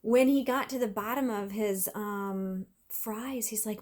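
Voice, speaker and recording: A woman's voice: a little high, expressive, unhurried, few pauses, darkish tone. Chatty woman vlogging, loose and casual. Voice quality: chatty, frequent fillers and restarts. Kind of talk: casual vlog chat.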